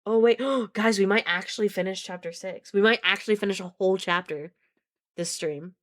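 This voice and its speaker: A woman's voice: mid-range voice, moderate pace, a bit bright. A woman reading a novel aloud on a live stream, breaking off to chat casually, laugh and swear at her viewers. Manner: casual, swears and laughs between read passages.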